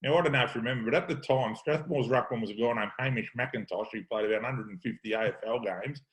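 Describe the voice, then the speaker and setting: A man's voice: medium pitch, fast talker, low-quality recording. A middle-aged Australian man, a football coach hosting a show, telling stories in casual chat and acting out the lines he quotes. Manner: yarn-spinning, acts out quoted lines. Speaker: podcast host, football coach.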